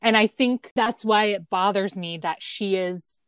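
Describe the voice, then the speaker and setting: A woman in a casual film discussion, making steady analytical points and often ending them with "right?". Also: mid-range voice, a little slow, smooth, no echo.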